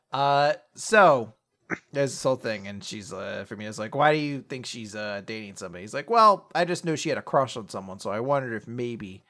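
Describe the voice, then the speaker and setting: A man co-hosting a casual manga recap podcast, acting out the characters' lines in quick voices and swearing freely. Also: medium pitch, animated, pushed and bright. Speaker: podcast co-host.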